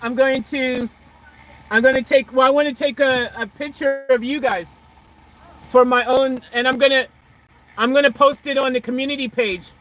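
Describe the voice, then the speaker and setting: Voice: sits high, fairly even intonation, moderate pace, fairly bright tone, poor audio. A vlogger chatting casually on a livestream outdoors beside a car, reading out viewer comments in a rambling, hesitant way full of restarts.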